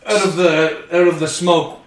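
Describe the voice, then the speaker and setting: A man narrating an improvised comedy scene with dry, deadpan delivery. His voice sits a bit higher than most. The room around him is roomy and echoey. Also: normal speed, distant mic.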